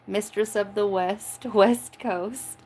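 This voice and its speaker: A woman's voice: medium pitch, very slow, warm tone, slightly rough, low-quality recording. A woman from Oklahoma, a tarot reader on a live stream, chatting casually with her viewers, joking, swearing freely and laughing often. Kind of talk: casual livestream chat.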